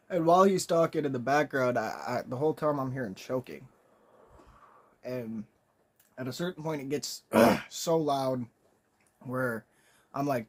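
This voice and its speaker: A young man tells a comedic storytime in a loose, rambling way, dropping swear words constantly. He clears his throat and coughs often between sentences. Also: medium pitch, normal speed.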